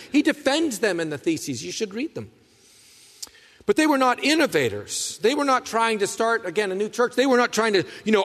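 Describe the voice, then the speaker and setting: Male pastor, slightly high pitch, folksy sermon delivery in a church with a long reverb tail. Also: a bit bright. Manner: folksy storytelling with asides. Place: church sanctuary.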